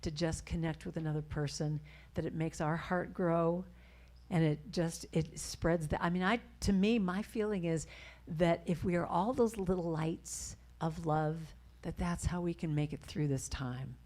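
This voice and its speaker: A woman giving a heartfelt spiritual talk, speaking gently and slowing down on key words, sometimes dropping to a soft near-whisper. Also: on the low side, steady tone. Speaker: inspirational speaker and singer. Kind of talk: spiritual talk leading a chant.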